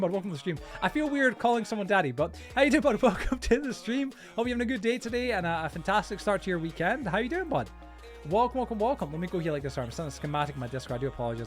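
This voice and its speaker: A man streaming a game live, chatting casually with viewers, rambling with restarts and loudly thanking supporters. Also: high-pitched. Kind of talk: casual live-stream chat while gaming.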